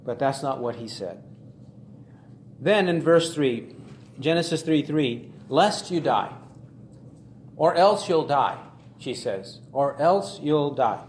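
A man preaching an expository sermon, deliberate and emphatic, repeating key phrases for stress. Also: a little high, expressive. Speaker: pastor. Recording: echoey room with faint ambient noise.

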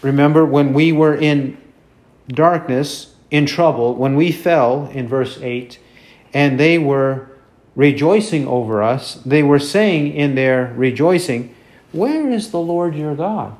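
A man preaching an expository sermon, speaking deliberately and repeating key phrases for emphasis. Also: medium pitch, a little mellow. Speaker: pastor.

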